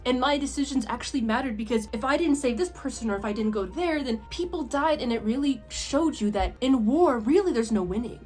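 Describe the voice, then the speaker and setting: A woman in casual gaming commentary, excitable and gushing, breaking into shrieks and laughter. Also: on the high side. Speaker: gaming video creator.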